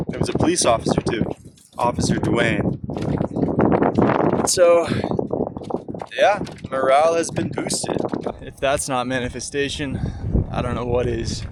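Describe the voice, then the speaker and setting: Brief: male walker-vlogger, earnest and upbeat, mid-pitched voice, heavy wind noise on an outdoor roadside recording. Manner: earnest, upbeat and reflective, with small laughs. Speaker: long-distance walker vlogging his journey. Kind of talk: casual vlog monologue.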